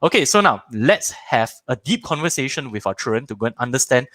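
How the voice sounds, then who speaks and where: Animated Malaysian man teaching parents. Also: mid-range voice, brisk, no room sound. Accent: Malaysian English. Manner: animated, acts out little scenes in shifting voices; repeats words and phrases for emphasis. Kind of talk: live online parenting workshop.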